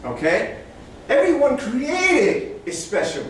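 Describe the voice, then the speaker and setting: This motivational speaker has a very high voice whose pitch swoops wildly, and he talks slowly with a fairly bright tone. Before a small live audience he tells animal stories, voicing the animals with big energy shifts. He's far from the mic in an echoey room, with slight background noise.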